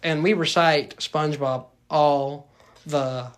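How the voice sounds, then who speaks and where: Young male podcast host, slightly high voice, rambling casual chatter. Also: steady tone, slow. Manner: chatty, rambling, many fillers and quoted asides. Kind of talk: casual interview chat.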